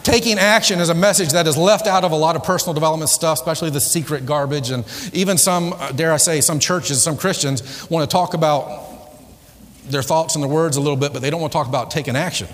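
A man's voice: fairly high pitch, fast talker. A man giving a live motivational seminar talk with spiritual themes to an audience. He is emphatic and repetitive and keeps quizzing the audience. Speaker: motivational speaker. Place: large hall before a live audience. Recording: echoey hall with long reverb.

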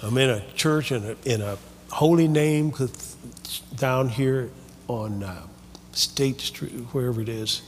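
A man's voice: mid-range voice, measured pace, big-room sound, a little hiss or hum. A man preaching a sermon, leading the congregation in call-and-response. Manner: lively, call-and-response preaching with quoted voices.

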